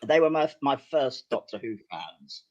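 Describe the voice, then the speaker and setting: An older man, a guest actor and writer, telling lively, self-deprecating anecdotes with some hesitation in casual chat. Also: mid-range voice, measured pace, muffled recording, heavy background noise.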